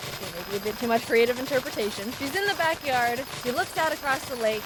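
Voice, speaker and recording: Brief: woman with a higher voice, deadpan storyteller over gameplay, noisy background. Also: fast, few pauses. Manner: deadpan, sarcastic asides.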